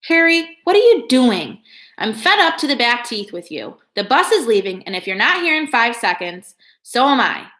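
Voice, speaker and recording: A woman voicing a shrill, fed-up woman scolding her husband, in a storybook reading. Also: big pitch swings, normal speed, fairly bright tone. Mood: exasperated. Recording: echoey room.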